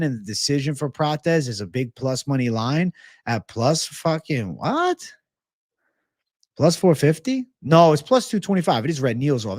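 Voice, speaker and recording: A man's voice: on the high side, a little mellow, no room sound, studio quality. A man hosting a livestream of fight picks and betting odds, brash and profane, thanking donors and urging likes. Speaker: MMA betting livestream host.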